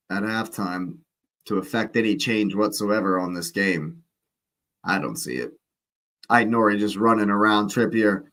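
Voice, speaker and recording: A man's voice: on the low side, fairly bright tone. A man hosting a football watch-along, calling the play live in a chatty, casual way with exclamations and slangy asides. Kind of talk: casual live match commentary.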